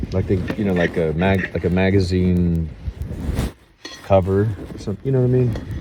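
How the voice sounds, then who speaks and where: A man telling an emotional personal story in a halting, earnest way, full of restarts and fillers. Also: lowish voice, dark tone, slight background noise, low-quality recording.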